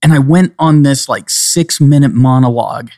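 A man's voice: medium pitch, normal speed, mellow, no room sound. Joking male podcast co-host, dry close mic. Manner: joking, rambling, slips into playful accents. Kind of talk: casual chat.

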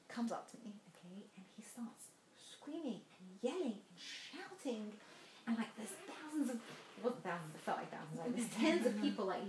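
A woman's voice: medium pitch, a little mellow, reverberant, a little hiss or hum. A woman giving a motivational talk to a live audience, telling stories with laughs and direct questions to her listeners. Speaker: motivational speaker.

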